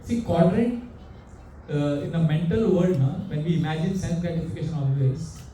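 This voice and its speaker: A man gives a sermon, telling stories and putting animated questions to his listeners. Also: fairly high pitch, normal speed, a little hiss or hum. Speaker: monk preacher. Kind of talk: sermon with storytelling. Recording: echoey room, mic far off.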